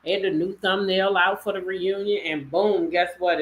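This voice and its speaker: A woman's voice: mid-range voice, fairly even intonation, normal speed, few pauses. Sassy woman hosting a live chat. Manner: sassy, greets chat members by name. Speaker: livestream host.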